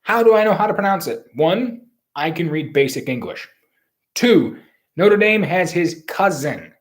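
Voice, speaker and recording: A man's voice: high voice, lively intonation, unhurried. Opinionated man rambling through football picks. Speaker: sports commentator. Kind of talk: solo football draft commentary.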